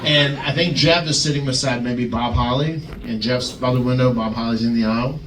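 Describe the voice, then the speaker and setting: A man on a podcast telling an animated wrestling story, chuckling and slipping into other people's voices. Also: mid-range voice, brisk, a little hiss or hum. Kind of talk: casual storytelling. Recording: echoey, distant mic, faint background ambience.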